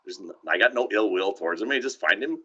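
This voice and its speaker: Rambling man with a low voice. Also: expressive, fast talker, pushed and bright, slightly rough. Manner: rambling, self-interrupting, laughs often. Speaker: podcast co-host. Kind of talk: casual storytelling chat. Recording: dull lo-fi live stream audio.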